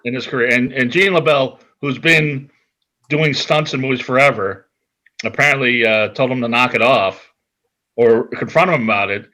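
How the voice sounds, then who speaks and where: A podcast host with a mid-pitched, bright, forceful voice. He recaps stories in a casual way and fires off eager follow-up questions. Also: normal speed, poor audio. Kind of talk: casual chat, setting up stories.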